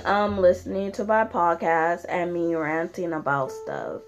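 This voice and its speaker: A woman's voice: lowish voice, animated, unhurried, soft background music. A young woman hosting her own podcast, ranting casually with lots of fillers and swearing, sounding tired. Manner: rambling, profane, frequent fillers. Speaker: podcast host. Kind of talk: casual solo rant.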